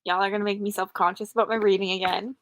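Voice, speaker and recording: A young woman runs a late-night livestream, weary but chatty, responding to viewers and making self-deprecating jokes. She talks quickly at medium pitch with a flat, slightly bright delivery, in a dry recording.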